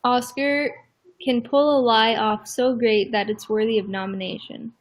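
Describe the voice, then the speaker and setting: A young woman chatting casually on a livestream with a friend, giggling and reading name definitions aloud in an animated way. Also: fairly high pitch, measured pace.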